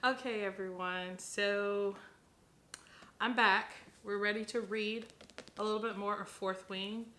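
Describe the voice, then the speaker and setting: A woman's voice: medium pitch, fairly even intonation, a little slow, pushed and bright. A woman vlogging casually about a book she is reading, chatty and gushing, rambling and laughing often. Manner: rambling with fillers and restarts. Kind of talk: casual reading vlog chat.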